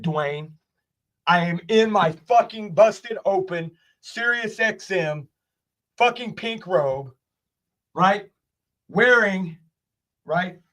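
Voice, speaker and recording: High-pitched and a bit bright, this man in his forties takes his time and pauses often while swearing angrily. A wrestling streamer, he rants from his basement and keeps tossing in "right?" again and again.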